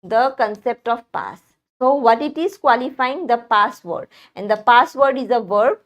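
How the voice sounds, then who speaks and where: A woman with a slightly high voice, working through exam questions as a teacher. She explains step by step, pausing and restarting with fillers as she goes. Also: expressive. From India. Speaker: English teacher. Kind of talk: live exam question analysis.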